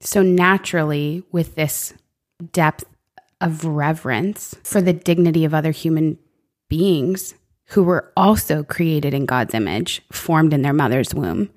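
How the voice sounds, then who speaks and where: A woman's voice: low-pitched, unhurried, darkish tone. A woman co-hosting a faith conversation, speaking earnestly and reflectively and quoting scripture. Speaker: podcast co-host.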